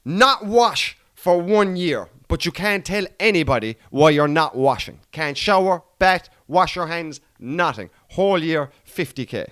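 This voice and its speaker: A man's voice: a little high, expressive, unhurried, few pauses, a bit bright, smooth, dry recording, studio quality. An Irish man hosting a casual podcast, chatty and laughing often, with "like" and "lad" in every other phrase. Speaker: podcast host.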